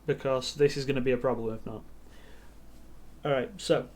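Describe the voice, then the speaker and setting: Acting as game master for a streamed tabletop game, this man speaks at normal speed with a medium-pitched, steady, somewhat mellow voice. He narrates loosely and hesitantly, filling gaps with ums and "sort of".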